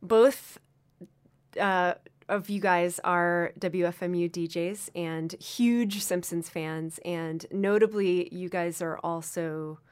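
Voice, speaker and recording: A woman over thirty-five hosts a casual radio talk show. Her voice sits a little low. She chats loosely and fills her pauses with "um". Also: clear, resonant tone. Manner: chatty, full of fillers, laughs easily. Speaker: radio host.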